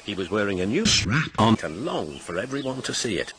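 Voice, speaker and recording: A man narrating a children's storybook in a gentle, storytelling way. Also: fairly low pitch, sing-song, a little fast, a little hiss or hum. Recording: music playing behind.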